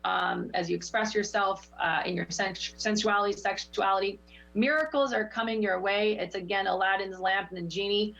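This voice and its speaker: A woman hosting a show as a spiritual teacher, leading a guided meditation with slow repeated affirmations and giving card readings. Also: medium pitch, gravelly, a bit bright, muffled recording. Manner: soothing, repetitive affirmations.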